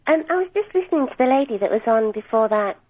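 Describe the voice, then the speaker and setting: A woman on a radio phone-in telling a chatty story with plenty of hesitant ums. Her voice is a little high and husky, and it comes through a thin, tinny phone line. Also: lively intonation, fast talker, no echo. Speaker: caller. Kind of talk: phone-in call.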